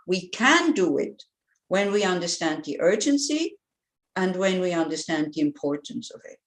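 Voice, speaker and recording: Lowish woman's voice, Buddhist nun teaching, easygoing and chatty. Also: normal speed. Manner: relaxed, conversational, digressive with anecdotes and fillers. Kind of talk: informal dharma teaching.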